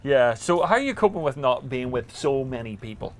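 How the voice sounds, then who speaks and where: A man's voice: medium pitch, brisk, slight background noise. Irish man hosting, playful. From Ireland. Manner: animated, playful, jokey. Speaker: host. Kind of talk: casual conversational interview. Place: outdoors on a boat at sea.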